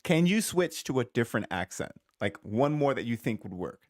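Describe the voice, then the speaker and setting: A man hosting a live chat in a teasing, stammering way, often breaking into laughter. His pitch leaps up and down with lively energy. The recording is close and dry. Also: normal speed, dry recording. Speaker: live-stream host.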